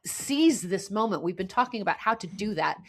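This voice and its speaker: A woman's voice: medium pitch, lively intonation, normal speed, slightly rough. A woman from the United States hosting a casual podcast chat, earnest and frustrated, often restarting her sentences. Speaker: podcast host.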